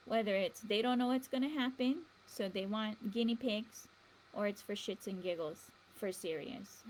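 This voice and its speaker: A woman's voice: medium pitch, darkish tone, slight background noise, poor audio. A woman hosting a show in a meandering casual monologue, chuckling between thoughts. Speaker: livestream show host.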